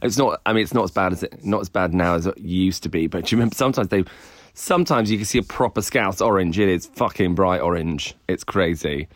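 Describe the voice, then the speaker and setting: A man's voice: low voice, fast, no echo. Rambling man on a dry close mic. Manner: rambling, laughs easily. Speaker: podcast co-host. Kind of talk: casual chat.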